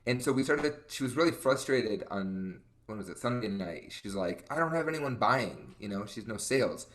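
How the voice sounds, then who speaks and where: A young man co-hosting a casual chat, telling stories with lively quoted voices and lots of fillers. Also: fairly low pitch, normal speed. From Colorado. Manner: animated storyteller, acts out quotes. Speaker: co-host.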